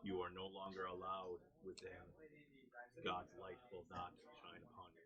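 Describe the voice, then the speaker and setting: A man voicing a huge, stern male temple knight with a deep voice, speaking slow, stern pronouncements. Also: completely flat delivery, highs cut off, crowd noise, close to an everyday voice.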